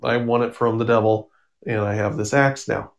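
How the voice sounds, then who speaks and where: A man voicing a gruff wandering hillbilly with a blunt, matter-of-fact delivery. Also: medium pitch, fairly even intonation, moderate pace, lightly acted.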